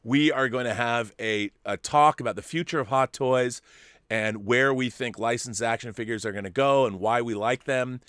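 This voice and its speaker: A man hosting a casual livestream, reading viewer super chats aloud and answering them in a chatty way with quick asides. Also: mid-range voice, a bit bright, clear, resonant tone, dry recording, studio quality. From California.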